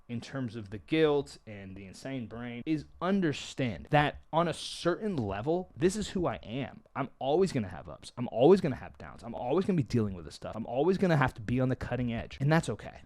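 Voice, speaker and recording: A man talking openly to camera in a vlog, candid and self-deprecating, moving between loud emphasis and quiet asides. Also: mid-range voice, dry recording. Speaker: mental health vlogger.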